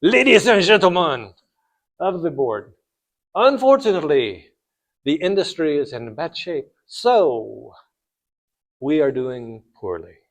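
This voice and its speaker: A man doing a smooth French CEO. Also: on the high side, sing-song, slow pace, long pauses, heavily acted. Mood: placating. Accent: put-on French accent. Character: smooth-talking French male company CEO.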